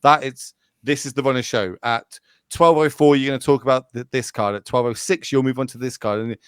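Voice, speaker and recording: A man's voice: mid-range voice, fairly even intonation, clear, resonant tone, dry recording, clean studio sound. A man telling rambling stories as a podcast guest, casual and peppered with swearing. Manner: rapid, rambling storytelling with swearing. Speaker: podcast guest, Magic tournament caster.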